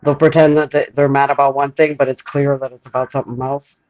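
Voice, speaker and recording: A man's voice: mid-range voice, flat delivery, fast, no room sound. A man from Canada with a Quebec accent, chatting casually and candidly. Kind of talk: casual chat. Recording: dry, dull lo-fi sound.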